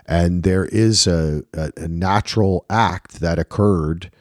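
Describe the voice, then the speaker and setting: A man's voice: low-pitched, takes it slowly, no echo, studio quality. A man from New Jersey co-hosting a casual TV recap podcast, rambling loosely with frequent ums. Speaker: podcast co-host.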